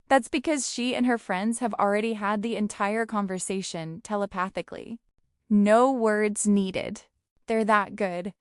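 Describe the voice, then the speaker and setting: A woman's voice: medium pitch, no echo. Woman narrator, playful and teasing, scripted comic storytelling, dry close sound.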